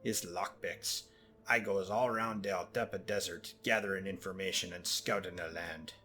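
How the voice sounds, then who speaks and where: Guy doing a low bright goblin trader voice, caribbean-ish lilt, slangy and pushy about his price. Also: fairly even intonation, normal speed, faint music behind. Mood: wheedling. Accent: loose put-on Caribbean-ish lilt. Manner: broken slangy grammar, haggling. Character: greedy scheming male goblin desert scout.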